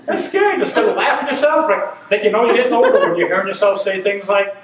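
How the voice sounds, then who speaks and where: A man in his sixties telling humorous stories in an animated way, acting out the voices he quotes. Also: high-pitched, fast. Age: 60s. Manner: animated, acts out quoted voices, laughs through punchlines. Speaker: humor speaker. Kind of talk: humorous storytelling talk. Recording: echoey room, voice from a distance, noisy.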